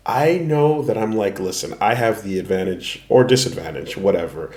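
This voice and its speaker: A man with a Canadian accent hosting a casual podcast chat in an apartment, animated, swearing and poking fun at himself. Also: fairly low pitch, moderate pace. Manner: animated, swears, self-deprecating. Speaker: podcast host. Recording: echoey room.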